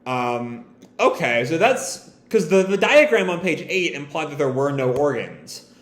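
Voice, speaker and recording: A man's voice: on the high side, lively intonation, unhurried. A man reacting live to a manga chapter, thinking aloud with hesitant restarts. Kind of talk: live reading and reaction commentary. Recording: echoey room.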